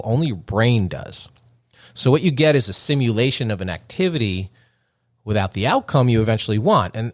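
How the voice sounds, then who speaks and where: A man hosting a podcast, talking alone in a joking, conversational way and chuckling at his own lines. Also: medium pitch. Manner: joking, conversational, self-amused. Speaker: podcast host. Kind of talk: solo podcast monologue.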